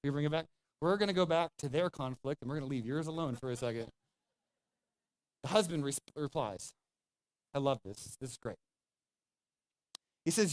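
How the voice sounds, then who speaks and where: Pastor guy preaching, emphatic and chatty, talks right to the crowd, kinda high voice. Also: moderate pace, long pauses. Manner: emphatic, conversational preaching with direct address. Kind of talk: sermon.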